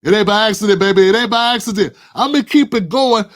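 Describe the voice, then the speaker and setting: Guy ranting politics in a high voice, fiery, preachy, lots of who-and-why questions. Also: quick pace. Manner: addresses a co-host by name. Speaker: political commentary host. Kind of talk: impassioned political commentary.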